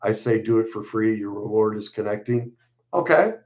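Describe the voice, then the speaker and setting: A middle-aged man hosting a casual livestream, reading viewers' comments aloud and answering them in a relaxed, conversational way with frequent fillers. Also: lowish voice, moderate pace. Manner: reads viewer messages aloud and responds warmly, conversational with fillers.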